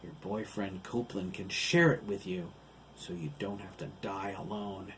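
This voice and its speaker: A man's voice: low-pitched, a little slow, a bit bright, slight background noise. A man voicing a cruel male giant who taunts and gloats over his captives. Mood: menacing. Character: gleeful cruel male giant, sneering villain.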